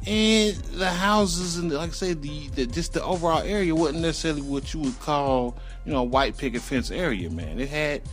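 A middle-aged man telling a personal story in a loose, profane, rambling way, acting out sounds as he goes. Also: fairly high pitch. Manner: acts out sounds and voices animatedly.

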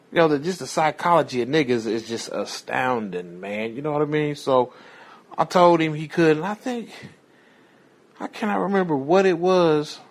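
A man who worked as a prison correctional officer telling a rambling, profane story in a casual way. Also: medium pitch. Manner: profane, rambling, digressive, chuckling asides.

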